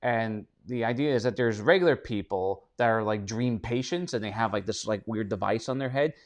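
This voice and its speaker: A man's voice: lowish voice, normal speed. A man co-hosting a casual podcast chat, joking with crude humor. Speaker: podcast co-host.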